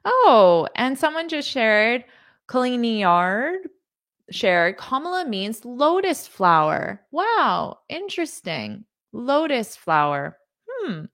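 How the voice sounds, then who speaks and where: A woman teaching an English lesson on a live stream, greeting viewers by country and repeating words slowly to model pronunciation. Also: a little high, sing-song, a bit bright. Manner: enthusiastic, greets viewers, laughs often.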